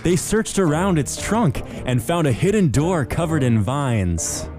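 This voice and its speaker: A man's voice: fairly high pitch, big pitch swings, measured pace, music in the background. A man co-hosting a podcast, chatting casually and narrating a children's story in a sinister movie-trailer style. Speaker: podcast co-host.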